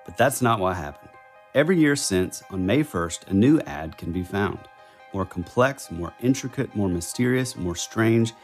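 Lively low-voiced male podcast host. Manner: animated, reads recap narration in a dramatic tone. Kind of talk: casual podcast banter.

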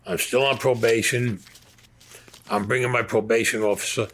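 A man's voice: mid-range voice, steady tone, moderate pace, a bit bright. An older man telling his own crime story in an interview, in blunt, profane street talk. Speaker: former mobster interviewee.

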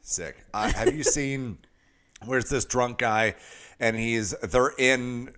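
A man's voice: mid-range voice, slow pace, bright, forceful tone. A man co-hosting a podcast in casual chat, telling rambling stories with jokes. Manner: joking, rambling storyteller. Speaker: podcast co-host. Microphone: mic on a stand.

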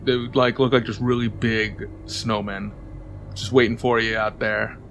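A man's voice: medium pitch, level tone, measured pace, fairly bright tone, highs cut off, a little hiss or hum. A man running a tabletop game as game master, narrating loosely and often repeating his words.

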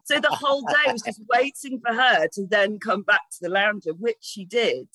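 A woman's voice: medium pitch, moderate pace, pushed and bright, no echo, low-quality recording. A woman, a guest telling candid, sweary stories in casual chat and laughing often.

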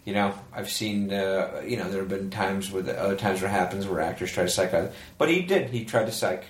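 A man's voice: sits low, animated, fairly quick, echoey room. A man co-hosting a podcast, telling audition stories in casual comedic chat and acting out what others said. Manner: storytelling, acts out quoted voices. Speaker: podcast co-host.

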